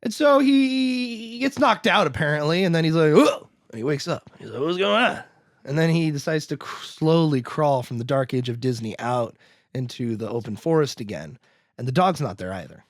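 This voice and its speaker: Recapping a movie on his podcast, this medium-pitched co-host acts out the characters' dialogue in rapid voices, laughing as he goes. He's animated and casual, often trailing off and starting over; the studio-quality audio has no echo.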